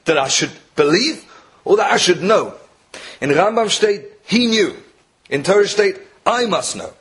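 Animated man giving a Torah lecture. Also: sits high, measured pace. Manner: animated, rising emphatic peaks, mixes Yiddish and Hebrew terms; frequent self-repetition and restarts. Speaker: Torah teacher.

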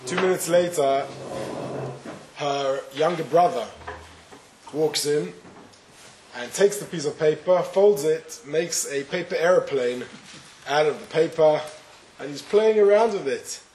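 A rabbi telling a parable and giving a spoken Torah lesson, with small hesitations. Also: male voice, fairly high pitch, measured pace, pauses often, darkish tone. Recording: roomy echo, faint noise.

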